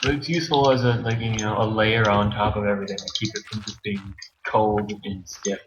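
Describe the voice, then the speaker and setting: A man's voice: fairly low pitch, level tone, a little fast. A man co-hosting a casual gaming chat, sarcastic and self-mocking, joking his way through. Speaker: let's play co-host. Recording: lo-fi mic with hiss and keyboard clicks.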